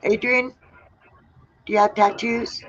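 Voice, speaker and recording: A woman hosts a casual livestream at an unhurried pace. She reads viewers' answers aloud one after another in a relaxed tone. The sound is dull and lo-fi. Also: on the high side, a little hiss or hum. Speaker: livestream host. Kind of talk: casual live-stream chat reading viewer answers.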